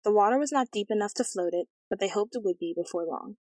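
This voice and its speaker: A woman narrating a fairy tale as an audiobook reading, in a clear, even storytelling manner. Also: medium pitch, quick pace, dry recording, poor audio.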